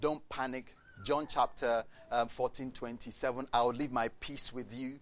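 A man preaching a sermon, telling the story in a lively way, asking the congregation questions and acting out the voices of the people in it. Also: mid-range voice, normal speed. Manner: addresses the congregation directly with questions.

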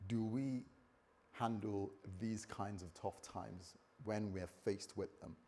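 A man's voice: lowish voice, takes it slowly, darkish tone, slight background noise. A man preaching a conversational sermon, often repeating words and acting out the voices he quotes.

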